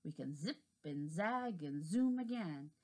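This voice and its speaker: A woman's voice: low-pitched, lively intonation, a little slow, darkish tone. A woman voicing Wiggle, a cheerful little male garden worm in a children's storybook read aloud.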